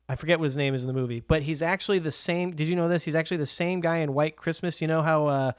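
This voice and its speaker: A podcast co-host with a high-leaning, fast, smooth voice chats casually about movies, acting out scenes and laughing often as an animated storyteller. The recording is dry with clean studio sound.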